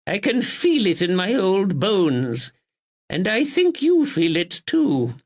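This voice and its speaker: A man's voice: high voice, very animated, takes it slowly, pitched above the performer's own voice, exaggerated voice. A man voicing an imperious elderly aristocratic woman who speaks in a commanding, formal, clipped way.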